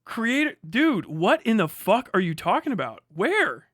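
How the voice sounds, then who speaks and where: A man with a high, bright, ringing voice, recorded dry and close with no room sound. He reads an article aloud on a live stream and keeps tearing into it with exasperated, profane rhetorical questions. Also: wildly swooping pitch, unhurried, dry recording. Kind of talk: live stream reaction, reading aloud and ranting.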